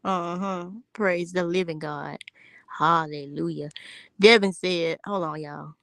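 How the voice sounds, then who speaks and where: A woman's voice: on the low side, fairly even intonation, slow, vocal fry, a bit bright, no room sound. A young woman hosting a casual livestream, reading viewer comments aloud in a brash, profane, joking way. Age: young adult. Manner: brash, profane, laughing, talks straight to chat. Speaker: livestream host.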